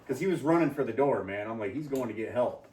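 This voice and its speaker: A man swapping raw stories, full of swearing, who often laughs and shouts out what people said. He sits well back from the mic, in a room that rings with echo. His pitch sits in the middle for a man. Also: animated, a little fast. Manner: profane, laughing, shouts out quoted lines. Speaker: podcast guest telling a story. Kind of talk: crude casual storytelling. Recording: echoey room from far off the mic.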